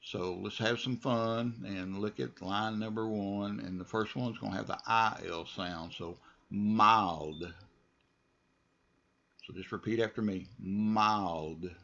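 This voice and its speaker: A man teaching English pronunciation, modeling words slowly and deliberately for the listener to repeat, with relaxed asides in between. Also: fairly low pitch, vocal fry, lo-fi sound. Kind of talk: pronunciation lesson with repeat-after-me drills.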